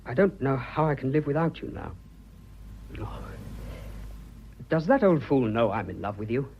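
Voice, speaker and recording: A man's voice: mid-range voice, big pitch swings, normal speed, a little hiss or hum. An English actor playing an earnest, bashful young businessman declaring his love, in 1940s radio acting. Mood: flustered, ardent. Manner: bashful, blustering, eager. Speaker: suitor. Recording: dull old radio broadcast.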